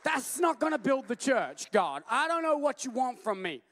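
High-voiced pastor preaching animatedly. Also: male voice, normal speed, in a large hall. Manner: animated storytelling, rising to shouts. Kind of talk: sermon.

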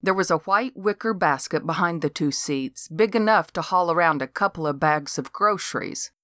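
An older woman narrating a comic novel in first person, with a dry, deadpan delivery. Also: lowish voice, normal speed, no echo. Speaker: audiobook narrator.

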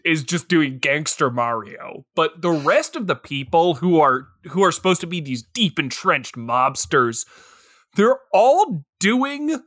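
Animated male movie-podcast co-host. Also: a little high, measured pace, no room sound, clean studio sound. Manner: animated, mocking, jumps into goofy impressions. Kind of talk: casual movie review chat.

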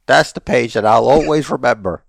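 A man with a gravelly, fry-heavy voice chatting loosely on a podcast. He talks in a teasing, bossy way. The recording is dry and close. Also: mid-range voice, normal speed, no echo. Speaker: podcast co-host. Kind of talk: casual chat.

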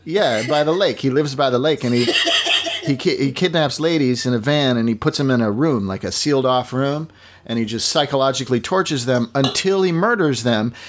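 A man's voice: mid-range voice, brisk. A man hosting a casual chat over a video call, reacting easily and retelling a movie plot.

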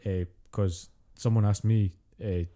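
A man's voice: on the low side, steady tone, a little slow, warm tone. A young Scottish man co-hosting a podcast, chatting casually, swearing freely and telling stories with acted-out quotes. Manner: sweary, storytelling, acts out quotes. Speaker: podcast co-host. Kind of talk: casual chat.

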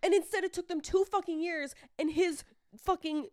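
A woman's voice: very high voice, fairly even intonation, normal speed, darkish tone, dry recording. Heated, cursing woman on a dry mic. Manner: heated, swears a lot, acts out quotes. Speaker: true crime podcast co-host. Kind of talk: casual chat.

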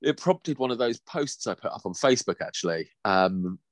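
A man's voice: fairly low pitch, animated, normal speed, no room sound. A man co-hosting a casual chat, telling stories in a crude, joking way. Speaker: podcast co-host.

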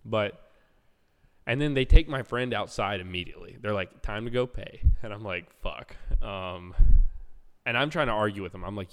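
A man's voice: on the low side, fairly quick. A man telling a long story in casual chat on a live podcast, acting out the people he quotes. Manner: animated storyteller, acts out quotes loudly. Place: live show in a hall. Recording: reverberant hall.

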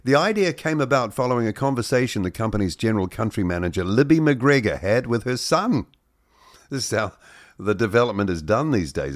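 A man's voice: mid-range voice, expressive, brisk, no echo, studio quality. A man hosting breakfast radio, reading news headlines with wry jokes and asides. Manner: reads headlines with joking asides and mock voices. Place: radio studio.

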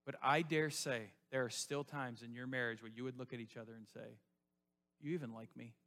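A male pastor preaching a sermon to his church, repeating phrases and swinging between loud rising appeals and soft hushed lows. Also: fairly even intonation, a little fast.

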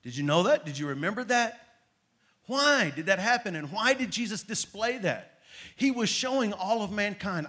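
Male preacher, sermon, high pitch, dramatic swells, quiet and loud turns. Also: lively intonation, normal speed. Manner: dramatic, swings from soft to loud.

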